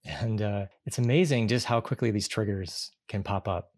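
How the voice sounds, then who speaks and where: A man's voice: lowish voice, moderate pace, darkish tone. A man in his forties hosting an interview, talking in a reflective way and often restarting his sentences. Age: 40s. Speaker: podcast host. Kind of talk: conversational interview.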